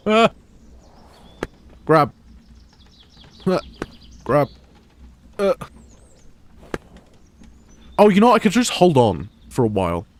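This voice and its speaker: A man's voice: on the high side, wildly swooping pitch, takes it slowly, long pauses, slight background noise. A man, streaming a game and rambling crude jokes at home. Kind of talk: gameplay live stream commentary.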